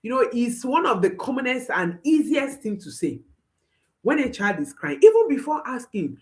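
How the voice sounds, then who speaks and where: A woman's voice: on the high side, big pitch swings, normal speed, a little mellow. A woman parenting coach giving advice to viewers, emphatic, often repeating her phrases and checking in with a questioning "hmm?".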